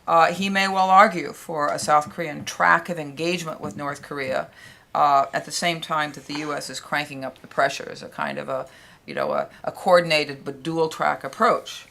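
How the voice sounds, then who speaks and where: A woman's voice: low-pitched, steady tone, moderate pace, vocal fry, bright, forceful tone. A woman giving remarks on a policy panel, speaking with many hesitations and fillers.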